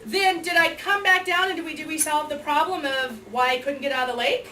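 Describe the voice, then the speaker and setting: A woman teacher telling a story to her class with lively energy, acting out both sides and breaking into squeals and shouts. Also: sits high, a little fast. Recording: echoey room, mic far off, faint noise.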